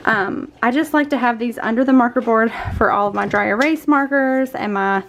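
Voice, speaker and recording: A woman's voice: a little high, normal speed, a little hiss or hum. A homeschooling mom vlogger, audibly out of breath, chatting casually as she walks through a room in her home to give a tour. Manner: chatty, warm-hearted tour guide walking through the room. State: winded, out of breath. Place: indoor room in a family home.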